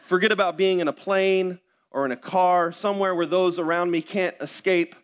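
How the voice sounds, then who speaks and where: A man's voice: sits high, fairly even intonation, normal speed. A young adult man, a pastor, giving a sermon that opens with prayer and moves into self-deprecating personal stories and rhetorical questions.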